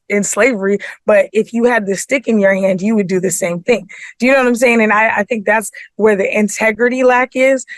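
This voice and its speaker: A woman's voice: medium pitch, no room sound. A woman, an artist manager, chatting casually on a podcast and telling business stories with lots of rhetorical questions, acting out both sides of each argument. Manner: rhetorical questions, frequent "you know what I'm saying". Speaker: artist manager and festival producer.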